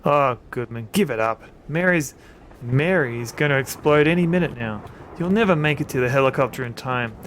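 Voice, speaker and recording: A man voicing a ruthless male villain gunman, yelling in a strained high voice. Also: normal speed, slight background noise, natural voice. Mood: gloating.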